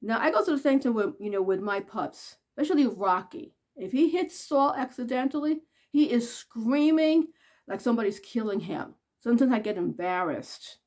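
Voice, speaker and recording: Animated and at a normal speed, a woman vlogger tells a story about herself in a casual manner. She goes up high to voice other people's words and grows soft and quiet when things turn sad.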